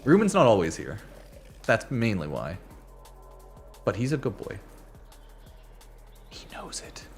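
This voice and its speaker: A man chatting casually on a livestream from his home setup, rambling from one thought to the next and swearing offhandedly. His pitch swings widely as he talks. Soft music plays faintly underneath. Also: wildly swooping pitch, normal speed. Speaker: game streamer.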